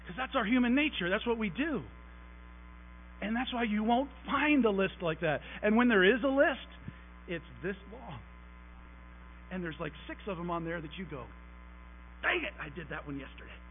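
High-voiced guy preaching in a church, chatty and animated, talks to the crowd, tinny lo-fi sound. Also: moderate pace, pauses often. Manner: conversational, animated preaching with asides to the congregation. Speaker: pastor. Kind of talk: sermon. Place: church sanctuary. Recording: tinny phone-like recording with mains hum.

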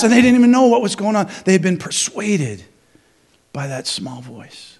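A man preaching a sermon as pastor, animated, acting out crowd voices, with many restarts. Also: sits high, normal speed.

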